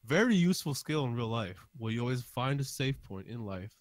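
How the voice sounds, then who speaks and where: A man co-hosting a casual podcast with a stuffed-up nose and a sore throat. He speaks at an ordinary male pitch and jokes about himself, laughing often. The sound is dry and close to the mic. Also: lively intonation, fairly quick, no room sound. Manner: playful, laughing, self-mocking. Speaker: podcast co-host.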